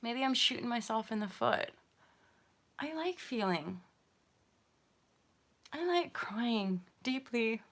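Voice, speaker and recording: A woman in her thirties, a yoga and meditation teacher, talking casually to her viewers in an emotional, expressive way, laughing often and swearing freely. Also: on the high side, takes it slowly, long pauses. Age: 30s. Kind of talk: emotional casual talk to camera.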